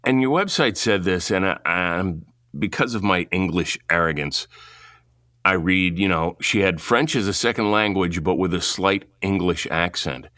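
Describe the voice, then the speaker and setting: A man's voice: low voice, moderate pace, sharp tone, no room sound, clean studio sound. A man hosting a podcast, chatting casually and rambling, often repeating words as he thinks aloud. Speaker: podcast host. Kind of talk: casual interview chat.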